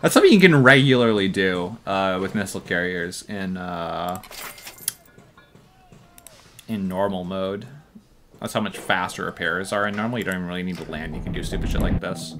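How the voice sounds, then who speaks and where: A man's voice: low-pitched, normal speed, fairly bright tone, a little hiss or hum. A young man commenting on his own strategy game run, thinking aloud and swearing now and then. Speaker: gameplay commentator. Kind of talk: casual gameplay commentary.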